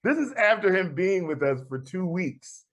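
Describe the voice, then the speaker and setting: A man, a guest jazz musician, telling anecdotes in a relaxed interview. He acts out the voices of the people he quotes and laughs often. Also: high voice, measured pace.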